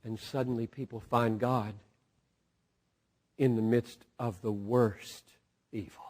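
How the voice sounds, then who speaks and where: Middle-aged male pastor, deliberate sermon delivery with loud bursts and hushed drops. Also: mid-range voice, steady tone. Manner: dynamic preaching, swinging from loud peaks to hushed drops.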